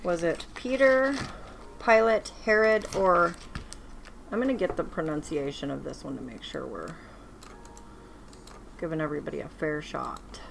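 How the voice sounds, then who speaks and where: A woman hosting a casual livestream Bible quiz, reading multiple-choice questions slowly and chatting between them. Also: sits low, creaky, faint music behind. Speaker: livestream host running a Bible trivia game.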